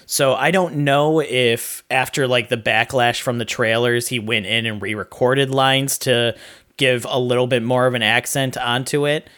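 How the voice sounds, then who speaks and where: Man, podcast co-host, mid-pitched voice, casual film chat, measured explanations. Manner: steady, explanatory commentary. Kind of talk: casual movie review chat.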